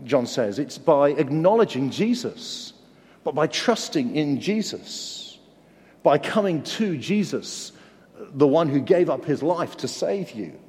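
A man's voice: fairly high pitch, sing-song, takes it slowly, a little mellow. An English man preaching a sermon, earnest and conversational, with self-deprecating humor. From England. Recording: long hall reverb.

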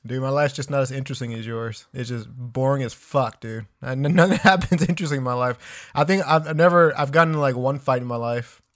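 A man's voice: mid-range voice, fairly quick, fairly bright tone. Give me a laid-back man co-hosting a podcast, rambling and cursing freely. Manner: laid-back, swears a lot, says dude constantly. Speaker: podcast co-host. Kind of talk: casual podcast banter.

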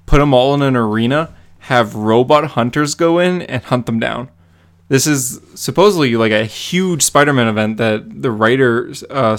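A man's voice: medium pitch, clean tone. A man co-hosting a podcast, casually recapping a comic book issue with lots of fillers and laughs. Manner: rambling, many fillers, laughs while retelling. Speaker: podcast co-host.

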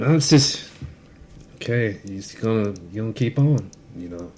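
A man's voice: mid-range voice, moderate pace, a little mellow. Profane man ranting on a podcast. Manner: profane, rambling storytelling with repeated restarts. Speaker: podcast co-host. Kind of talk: casual podcast rant.

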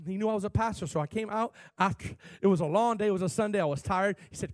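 A man, a pastor, preaching a sermon, swinging from shouted, fervent peaks to quiet, hushed storytelling. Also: sits high, fast, no echo.

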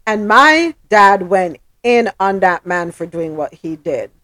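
A woman's voice: mid-range voice, expressive, slow pace, a bit bright. A woman hosting a casual talk show, venting her frustration, apologizing to her listeners and speaking emphatically. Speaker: podcast host.

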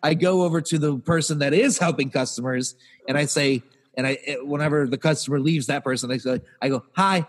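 A man's voice: a little high, steady tone, brisk, in a large hall. A man co-hosting a podcast, telling an exasperated comic story in a casual rant and acting out the people he quotes in raised voices. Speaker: podcast co-host.

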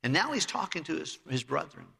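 A man's voice: fairly high pitch, sing-song, a little fast, creaky, pushed and bright, long reverb tail. A man preaching a sermon, retelling scripture vividly and reading in old-style biblical phrasing.

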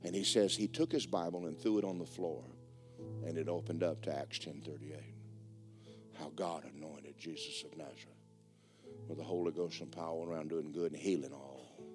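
A man preaching a sermon as the pastor of a church, telling a story in a lively way that swings between hushed and loud. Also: rumbling low, normal speed. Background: faint guitar music.

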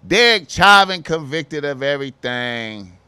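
Bright-voiced man ranting slowly. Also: fairly high pitch, animated, clear, resonant tone. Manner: slangy, swearing, emphatic; mimics voices with loud shouts. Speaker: commentator. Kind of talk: casual monologue.

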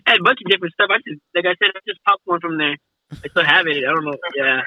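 Man, high voice, very bright, husky, tipsy, laughing storyteller. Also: racing, dry recording, rough recording. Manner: laughing, swearing, animated retelling. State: has been drinking. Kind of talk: casual storytelling chat.

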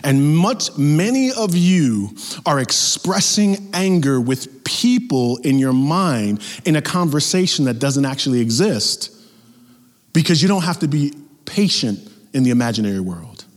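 A man preaching a sermon as pastor, talking in a lively, conversational way with acted-out asides. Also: medium pitch, big-room sound.

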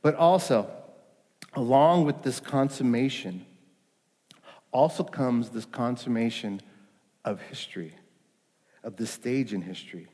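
A man preaching a sermon, emphatic, his voice rising in pleading questions and sinking to quiet reassurance. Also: mid-range voice, a little slow, long pauses, big-room sound. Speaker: pastor.

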